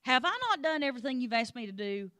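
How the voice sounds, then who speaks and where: A woman's voice: on the high side, lively intonation, fast, sharp tone. A woman voicing a frightened talking donkey that pleads with and scolds its rider. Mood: pleading. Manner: pleading, exasperated.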